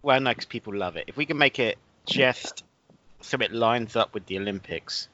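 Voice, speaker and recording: A man's voice: medium pitch, lively intonation, normal speed, bright, forceful tone. A man co-hosting a casual joking chat on a dull lo-fi recording. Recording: dull lo-fi sound.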